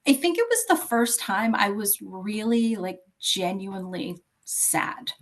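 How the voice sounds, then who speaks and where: A woman's voice: mid-range voice, expressive, a little slow, poor audio. A woman in her fifties speaks candidly as a podcast guest. Her voice sits in a middle register, and she talks in a reflective, chatty way. She sometimes drops almost to a whisper. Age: 50s. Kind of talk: candid personal interview.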